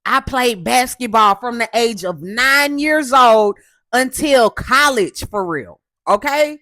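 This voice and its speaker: A woman from Houston hosting a casual commentary show, loud and assertive, with a coarse voice, often tagging "okay?". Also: on the high side, expressive, slow, dry recording. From Houston, Texas. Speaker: host.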